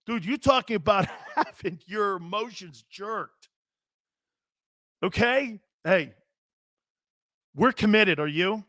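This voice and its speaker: A brash sports talk host delivers a slangy, opinionated monologue full of rhetorical questions, his high voice bright, forceful, and animated. He speaks slowly with long pauses, and the recording is dry and close with little room sound.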